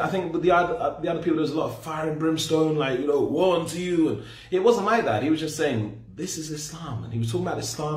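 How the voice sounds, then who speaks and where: In an echoey room, a man in his forties with an English accent, from England, gives a personal testimony talk. His medium-pitched voice wanders conversationally through his story, frequently correcting himself.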